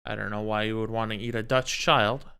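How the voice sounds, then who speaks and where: A man's voice: on the low side, level tone, a little fast, creaky, pushed and bright, clean tone. A man casually chatting while playing a game on a live stream at home, rambling between topics and talking to his cat.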